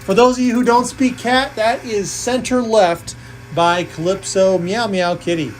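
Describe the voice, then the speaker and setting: Unhurried woman hosting a coin pusher stream. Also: mid-range voice, fairly even intonation, slight background noise, rough recording. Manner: playful, jokey, counting totals aloud. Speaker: live game show host. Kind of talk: live-stream play-by-play commentary.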